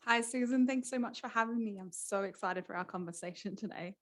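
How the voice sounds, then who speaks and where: An Australian woman in her thirties speaks as a podcast guest at a middle pitch. Her manner is dry and easygoing, and she laughs readily between thoughts. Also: fairly quick. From east coast of Australia. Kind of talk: conversational interview.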